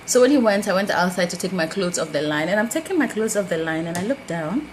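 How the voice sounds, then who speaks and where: Ghanaian woman telling a story, animated. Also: fast, a little hiss or hum, poor audio. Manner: animated, acts out quoted dialogue with big pitch jumps. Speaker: vlogger. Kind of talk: casual storytelling vlog.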